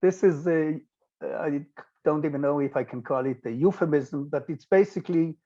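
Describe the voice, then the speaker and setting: An older man with an Israeli accent giving a physics lecture, pausing often with fillers and restarts. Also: on the high side, dark tone, lo-fi sound. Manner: hesitant, many filler sounds and restarts. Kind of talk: recorded lecture with slides.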